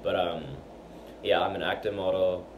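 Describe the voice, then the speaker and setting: Teen boy, unscripted vlog, low and unhurried, fumbling with fillers, audible background noise. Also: level tone. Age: teens. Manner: hesitant, many fillers and restarts. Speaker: fan channel member. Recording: noisy home recording.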